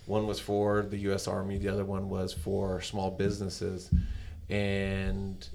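A man's voice: low-pitched, monotone, a little slow, creaky, a little mellow, a little hiss or hum. A middle-aged man hosting a podcast, telling stories in a rambling, casual way. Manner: rambling storyteller. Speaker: podcast host. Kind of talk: casual conversation.

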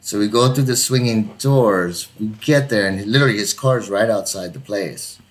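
A man's voice: on the low side, normal speed. A man telling a rambling bar story in casual chat, swearing often and acting out the people in it. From Southern California. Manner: animated, swearing, acts out the people in his stories.

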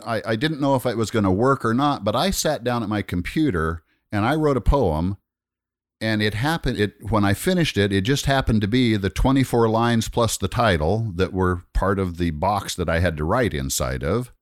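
Deep-voiced man spinning a rambling yarn. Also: animated, moderate pace, no echo, clean studio sound. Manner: rambling anecdotal storytelling with restarts and laughter. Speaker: guest storyteller. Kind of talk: casual storytelling chat.

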